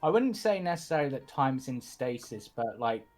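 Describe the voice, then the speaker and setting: A man's voice: mid-range voice, big pitch swings, moderate pace, darkish tone, faint music behind. A man, the game master, running an online tabletop game in a casual, laughing way.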